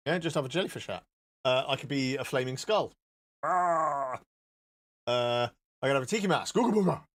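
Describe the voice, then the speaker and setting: A man's voice: medium pitch, lively intonation, fast, a bit bright. Joking man streaming live. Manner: rambling, joking, swearing. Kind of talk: casual live-stream chat.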